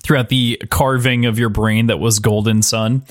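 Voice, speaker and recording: A man's voice: mid-range voice, level tone, normal speed. A man co-hosting a podcast, casually discussing a book and asking his partner probing follow-up questions. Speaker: podcast co-host.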